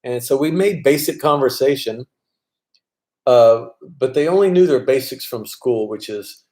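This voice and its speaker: Mellow-voiced man chatting on a livestream. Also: medium pitch, unhurried. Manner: relaxed, chatty, reads viewer comments aloud. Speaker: vlogger answering live chat. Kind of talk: casual live-stream chat.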